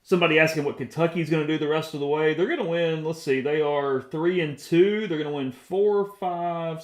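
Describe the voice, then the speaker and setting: A man's voice: a little high, fairly even intonation, normal speed, hardly any pauses. A man hosting a postgame show who chats casually and reads out viewer comments. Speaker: host.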